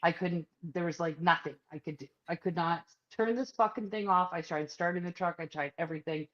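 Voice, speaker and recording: A podcast co-host with a lowish female voice tells a personal story in casual chat, talking a little fast over dull-sounding audio. She swears freely and animatedly acts out other people's lines.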